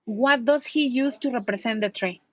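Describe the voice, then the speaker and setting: A patient woman leads an online English lesson, explaining words and asking her students questions. Her voice is fairly high. The sound is dry and close to the microphone. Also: moderate pace, dry recording. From Mexico. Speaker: English teacher.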